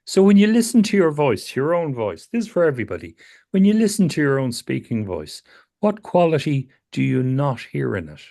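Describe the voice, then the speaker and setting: A man working as a psychotherapist, talking a client through self-awareness in a calm, questioning way that repeats phrases. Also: mid-range voice, creaky. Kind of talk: therapy session conversation.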